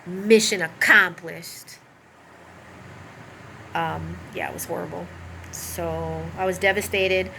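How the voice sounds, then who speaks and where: A woman's voice: on the low side, level tone, measured pace, creaky, fairly bright tone, a little hiss or hum, rough recording. A woman telling a personal story in an emotional, rambling way, full of asides and fillers.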